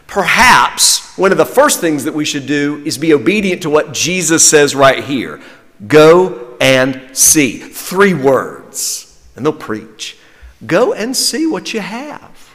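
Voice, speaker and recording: Pastor, man, dry wit in the pulpit, slightly high voice, echoing sanctuary. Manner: lively preaching with wry humor. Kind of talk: sermon. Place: church sanctuary. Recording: long reverb of a church sanctuary.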